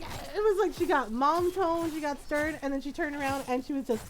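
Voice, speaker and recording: A woman's voice: sits high, moderate pace, few pauses, noisy background. A woman streamer telling a story in casual chat, talking in a loose, chatty way with lots of "like" and frequent laughs. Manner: chatty, laughs often, leans on "like" and restarts.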